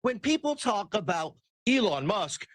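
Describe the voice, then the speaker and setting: A man's voice: high-pitched, very animated, measured pace, dry recording. A man delivering a heated, sarcastic political rant as a commentary host. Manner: ranting, sarcastic, mimics people in quotes.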